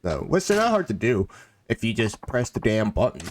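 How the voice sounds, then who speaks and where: Low-key rambling man gaming. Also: wildly swooping pitch, a little fast, slight background noise. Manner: rambling, many fillers and restarts, low-key. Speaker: gaming channel host. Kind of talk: casual commentary while playing a video game.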